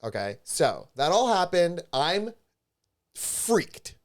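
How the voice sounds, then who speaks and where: A man's voice: medium pitch, expressive, unhurried. A man co-hosting a podcast, telling a story animatedly in casual chat and acting out the voices of the people he quotes. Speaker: podcast co-host. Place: studio with a live stream.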